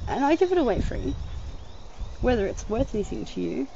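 A woman's voice: on the high side, very animated, a little fast. A woman, congested from a headache, musing aloud and laughing in a casual outdoor podcast monologue. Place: outdoors, sitting on the ground. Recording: muffled with clear background noise.

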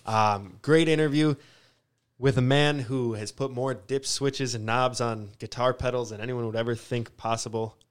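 A man's voice: mid-range voice, steady tone, moderate pace, clear, resonant tone. A young man hosting a podcast, chatting loosely with plenty of ums. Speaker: podcast host. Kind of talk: casual podcast chat.

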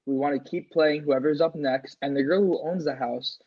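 Husky young man telling a crude story. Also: fairly high pitch, normal speed. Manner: crude, animated storyteller acting out friends' lines. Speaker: podcast guest telling a story. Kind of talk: casual podcast storytelling. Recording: slightly dull lo-fi sound.

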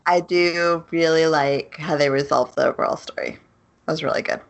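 A woman's voice: deep voice, steady tone, normal speed, vocal fry. A woman co-hosting a podcast, chatting casually about an anime and laughing often. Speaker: podcast co-host. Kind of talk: casual anime review chat.

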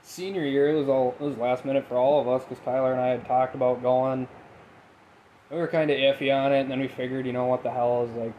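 A man's voice: medium pitch, level tone, quick pace, muffled recording, a little hiss or hum. Laid-back young man swapping stories. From Minnesota. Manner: laid-back, swears freely, laughs while telling stories. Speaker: podcast host. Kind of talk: casual chat.

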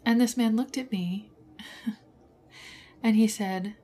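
A woman's voice: on the high side, slow pace, warm tone, slight background noise. A woman hosting a personal podcast, venting her frustration in an emotional monologue with bitter laughs, close to tears at moments. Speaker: podcast host.

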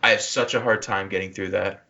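A man on a casual film review podcast who rambles and defends his takes with plenty of likes. His voice is bright and forward. The audio is slightly dull. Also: deep voice, steady tone, a little fast. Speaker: podcast co-host.

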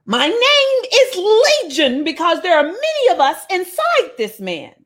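A woman voicing a shrieking legion of evil spirits, high and strained. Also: huge pitch swings, measured pace, fairly bright tone, exaggerated voice. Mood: eerie.

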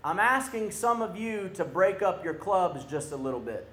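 A man preaching a sermon to a youth camp crowd, animated and calling for responses from the audience. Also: high-pitched, moderate pace. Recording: roomy hall echo.

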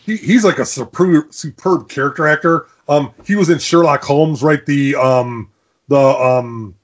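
A man chatting casually about movies as a co-host, rambling and animated, with lots of restarts and asides. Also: on the high side, unhurried, muffled recording. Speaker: podcast co-host.

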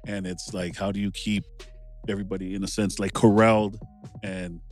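A man with a fairly low voice hosts a relaxed conversation. He asks long, meandering questions packed with "you know" and "like". Faint music sits under him. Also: normal speed. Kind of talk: casual podcast chat.

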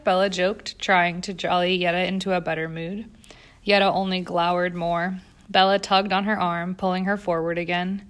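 A woman's voice: lowish voice, level tone, moderate pace, a bit bright. Woman narrating a story. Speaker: audiobook narrator. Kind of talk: scripted narration.

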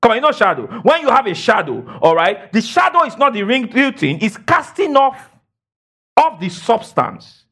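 A man preaches and teaches the Bible with big swings in pitch, a moderate pace, and a bright, forceful tone. He questions the congregation and peppers his talk with "praise God" and "all right," swooping emphatically between high and low.

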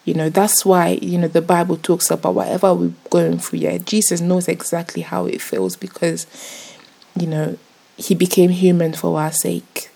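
A woman's voice: on the low side, level tone, normal speed, gravelly, mellow, slightly rough. A young woman talking earnestly and casually to her viewers about faith, rambling with many fillers and restarts. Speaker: vlogger. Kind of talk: casual faith talk to camera.

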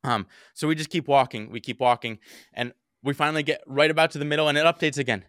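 A young man co-hosting a podcast, telling a story in casual chat, animated and swearing often as he acts out what people said. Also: a little high, fast, no echo, studio quality. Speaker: podcast co-host.

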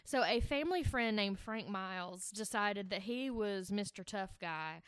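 A woman's voice: medium pitch, expressive, measured pace, a bit bright, smooth, no room sound, clean studio sound. A woman co-hosting a casual podcast, retelling a spooky tale in a chatty, profane way with lots of ums. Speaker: podcast co-host.

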